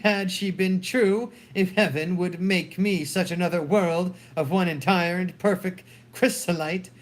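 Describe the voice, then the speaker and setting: A proud, wrathful general consumed by jealousy, as a man reads him, lifting his voice unusually high for a man. He takes the verse slowly and deliberately, every line weighed. A solemn dramatic play reading.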